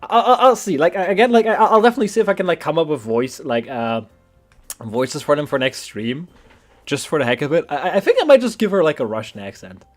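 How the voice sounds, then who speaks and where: A male gaming streamer talks over a game in loose, jokey commentary, tripping over his words. His voice is slightly high and very animated in pitch. Soft music plays faintly behind him. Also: fast talker. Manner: stammering, rambling, jokey. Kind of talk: casual gameplay commentary. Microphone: desk mic with face cam.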